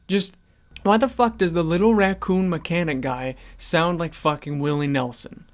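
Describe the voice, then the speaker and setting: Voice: mid-range voice, normal speed. A gaming vlogger ranting at home in disbelief, swearing often and breaking into laughter, recorded on a USB condenser mic without a pop filter. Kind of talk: home commentary rant.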